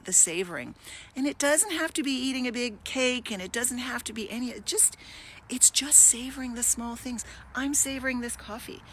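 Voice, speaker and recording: A woman's voice: mid-range voice, fairly bright tone, slight background noise, poor audio. A middle-aged woman hosting a casual live stream from her garden, talking to viewers in a gushing, emotional, encouraging way. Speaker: wellness host.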